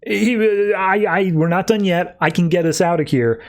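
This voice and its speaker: A man's voice: high-pitched, moderate pace, pitched above the performer's own voice. A man doing a slick scheming agent. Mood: urgent. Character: scheming slick male government agent, overconfident.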